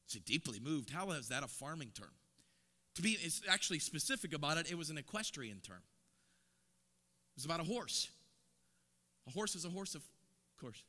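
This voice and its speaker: A man preaching an impassioned sermon as an evangelist, repeating words and building to loud, emphatic peaks. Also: a little high, very animated, normal speed, long pauses. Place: church sanctuary. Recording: long church reverb.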